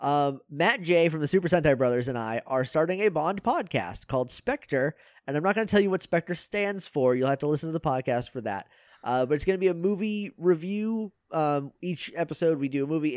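Podcast guy chatting away about his shows, slightly high voice, dry close mic. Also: animated, no room sound. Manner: chatty, plugging his shows with quick asides and laughs. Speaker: podcast guest. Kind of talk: casual podcast chat.

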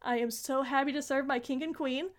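A gentle, lonely guardian of time speaks softly and reassuringly, as a woman puts her on. The voice sits high. It is a casual retelling rather than a polished performance. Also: steady tone, fairly quick, lightly acted. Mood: affectionate.

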